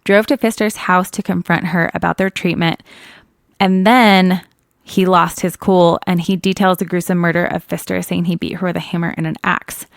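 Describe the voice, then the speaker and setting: A woman's voice: on the low side, steady tone, moderate pace, creaky, no room sound. A woman co-hosting a podcast, casually retelling a case in a chatty way that is full of small corrections. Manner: chatty, laughs often, self-correcting. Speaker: true crime podcast co-host.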